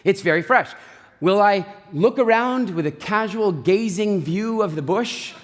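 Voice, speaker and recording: A man giving an animated, jokey talk on stage, telling stories with voiced asides. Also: high-pitched, unhurried. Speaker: speaker. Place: large event hall. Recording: reverberant hall.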